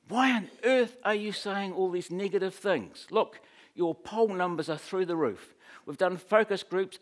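A man's voice: sits high, pitched above the performer's own voice. A man doing a pushy, eager fisherman disciple. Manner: wheedling, persuasive, talking like a spin doctor.

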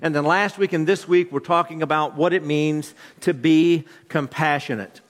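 A man's voice: fairly high pitch, normal speed, in a large hall. A man in his thirties preaching a sermon, a pastor with a conversational, joking storytelling manner. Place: church hall.

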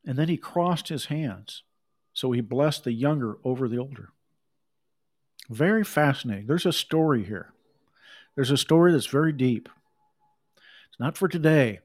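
A middle-aged man preaching a sermon, reading scripture and breaking off into conversational asides and quick acted quotes. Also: mid-range voice, animated, a little mellow. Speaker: pastor.

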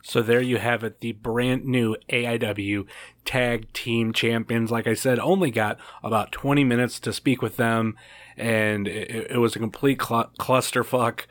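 A man's voice: medium pitch, fairly even intonation, unhurried, no echo. A man hosting a podcast in a loose, rambling way. He swears freely and keeps the talk casual. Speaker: podcast host. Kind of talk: casual chat.

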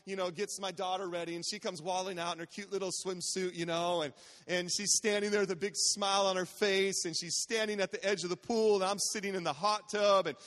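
A high-voiced man in his forties who preaches as a guest pastor, telling family stories in a chatty, joking way. He keeps tossing call-outs to the crowd, and his voice carries a long reverb through a large church sanctuary. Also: fairly even intonation, a little fast, fairly bright tone. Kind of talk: sermon storytelling.

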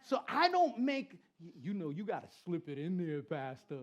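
Animated high-voiced male preacher. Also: moderate pace, highs cut off. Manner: animated preaching with repetition and crowd banter. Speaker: pastor and Christian rapper. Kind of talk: sermon.

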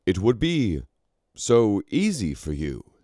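A man's voice: fairly low pitch, huge pitch swings, slow pace, mellow, no echo, studio quality, pitched above the performer's own voice, heavily acted. A man voicing a scheming human scribe king who speaks formally and persuasively, in a storybook reading. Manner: formal, ceremonious speech.

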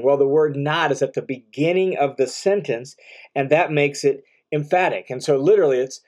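A man's voice: a little high, normal speed, a little mellow. A man giving a verse-by-verse Bible commentary, reading verses aloud and explaining them in a conversational teaching manner. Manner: occasional fillers and restarts, conversational teaching.

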